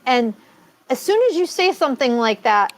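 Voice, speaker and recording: A woman hosting a casual live-stream talk, with a voice pitched a little higher than most. She tells stories in a rambling way and often corrects herself mid-sentence. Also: expressive, normal speed. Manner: rambling, self-correcting storyteller. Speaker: host.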